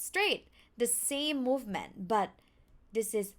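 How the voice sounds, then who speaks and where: Slow-paced Thai-accented woman teaching. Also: expressive, a bit bright. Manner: demonstrates sounds with big pitch swings. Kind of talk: pronunciation lesson.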